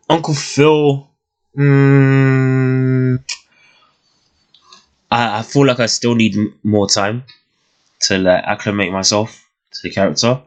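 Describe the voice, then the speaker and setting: A young man with a fairly low voice talks through his thoughts on a new series. He sounds casual and reflective, and he often stops, restarts and searches for the right word. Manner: thoughtful, hesitant, many restarts and fillers. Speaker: TV reviewer. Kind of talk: casual spoken review.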